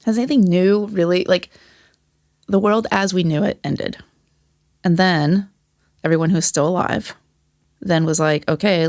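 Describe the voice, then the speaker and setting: Woman guest, former teacher, low and husky-gravelled, blunt and profane storyteller. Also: darkish tone, no echo, studio quality. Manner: candid, profane, acts out quoted voices. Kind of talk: casual conversation.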